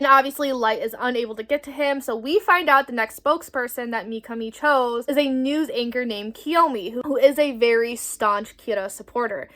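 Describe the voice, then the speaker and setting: A woman's voice: a little high, brisk, hardly any pauses, fairly bright tone. A woman in her twenties giving a casual book review, rambling, swearing freely and reacting with animation. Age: 20s. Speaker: book vlogger.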